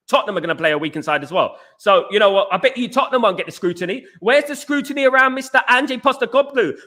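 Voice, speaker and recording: This football podcast host's voice sits high and has a sharp tone. During a casual live-stream rant about football, he gets heated, says the same things over and over, and talks back to people in the chat, greeting them.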